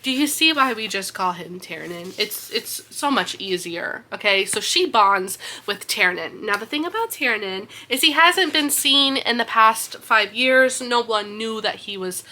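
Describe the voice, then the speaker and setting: A young woman hosting a book podcast, excitedly recapping a fantasy novel in a casual, animated storytelling manner. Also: on the high side, unhurried, few pauses.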